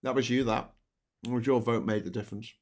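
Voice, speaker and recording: A man's voice: medium pitch, steady tone, quick pace, darkish tone. A British man hosting a live stream, chatting casually with sarcastic jokes and playful asides. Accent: British English. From Britain. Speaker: livestream host.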